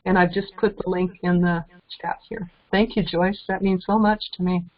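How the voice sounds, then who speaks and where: A woman's voice: on the low side, fairly even intonation, normal speed. A woman hosting an online group session, calling on participants and thanking them effusively. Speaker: host of a group call. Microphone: video call. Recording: slightly muffled call audio.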